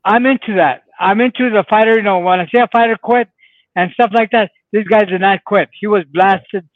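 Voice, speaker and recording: A man's voice: high voice, a little fast, no echo. A man co-hosting a boxing podcast remotely, speaking in short, repeated, emphatic remarks. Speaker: podcast co-host, boxing trainer. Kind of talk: casual boxing chat. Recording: dry, tinny phone-like line.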